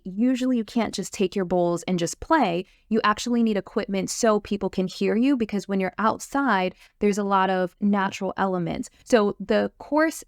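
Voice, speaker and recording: Woman host, upbeat promo talk, some vocal fry, mid pitch. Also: dry recording, clean studio sound. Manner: upbeat, eager, fillers and restarts. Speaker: host, sound therapy course creator. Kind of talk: enthusiastic course promo chat.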